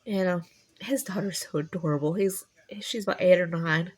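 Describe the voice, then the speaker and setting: A woman talking casually to camera, rambling and halting with many restarts, earnest and quietly emotional. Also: fairly low pitch, husky. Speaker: vlogger. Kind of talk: casual personal talk.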